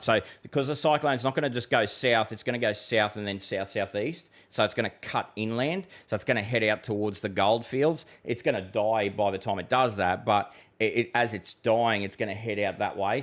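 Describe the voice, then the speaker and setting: Australian guy with a lowish voice, forecaster on a live stream, easygoing and frank with viewers. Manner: casual and blunt, calls viewers mate and bud. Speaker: weather forecaster host. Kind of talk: live-stream Q&A, reading chat questions.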